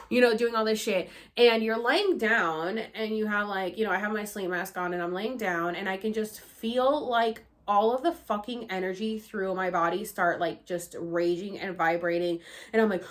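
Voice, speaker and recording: A woman's voice: mid-range voice, normal speed. Young woman vlogger telling a story casually. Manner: animated, swears freely, fillers like "like".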